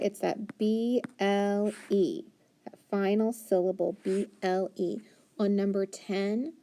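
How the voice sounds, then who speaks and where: A woman teacher leads young children through a phonics lesson. She is patient and encouraging, with a voice at an ordinary middle pitch. She stretches out letter sounds slowly and clearly. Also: warm tone.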